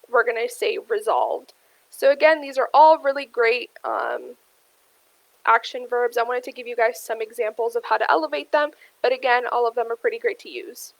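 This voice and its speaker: A woman's voice: on the high side, dry recording, poor audio. A young adult woman giving an instructional talk, explaining steadily with frequent ums and addressing the listeners as "you guys". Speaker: career workshop presenter. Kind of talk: instructional presentation.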